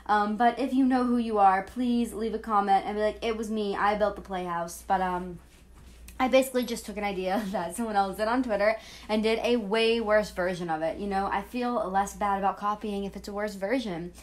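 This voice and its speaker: A woman's voice: mid-range voice, a little fast. A woman recording a casual gameplay voice-over on her phone, chatty and rambling as she comes down with a cold. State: coming down with a cold. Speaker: gaming channel host.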